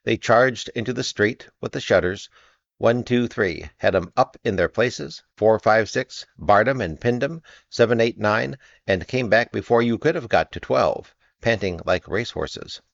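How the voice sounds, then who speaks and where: A man narrating an audiobook with measured, expressive storytelling. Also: lowish voice, gravelly, no room sound, lo-fi sound. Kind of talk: audiobook reading.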